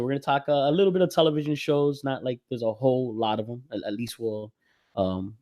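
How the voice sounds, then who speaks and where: A man hosting a casual podcast chat, relaxed and rambling, laughing often. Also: mid-range voice, fast talker, no echo, clean studio sound. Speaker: podcast host.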